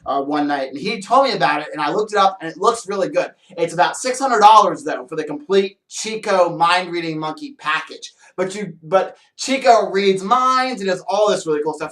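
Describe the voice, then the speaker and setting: A man's voice: fairly high pitch, animated, fairly quick, few pauses, fairly bright tone, echoey room. A man hosting a magic show, explaining tricks in a chatty, rambling way with lots of fillers. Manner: chatty, rambling, with many fillers and playful asides. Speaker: magician host. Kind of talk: casual how-to talk on magic. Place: small room with a counter and shelves.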